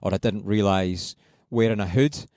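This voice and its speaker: A man's voice: lowish voice, normal speed, no room sound, clean studio sound. A Scottish man co-hosting a podcast, chatting casually and telling stories with frequent laughs. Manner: lively storyteller, laughs often, swears casually. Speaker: podcast co-host. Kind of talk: casual chat.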